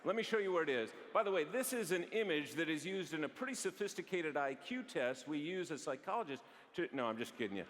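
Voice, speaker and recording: Psychologist guy on stage, higher voice that jumps all over, lots of hall echo. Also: fast talker, background noise. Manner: animated, acts out quoted lines. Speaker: psychologist giving a conference talk. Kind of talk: storytelling keynote talk. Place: large conference hall. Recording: long hall reverb from a big venue.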